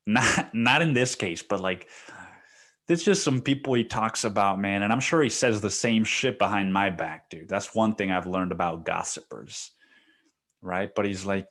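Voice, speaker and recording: A man's voice: on the low side, lively intonation, measured pace, fairly bright tone. A male podcast host telling a story in a casual, profane way, laughing often and saying "dude" a lot.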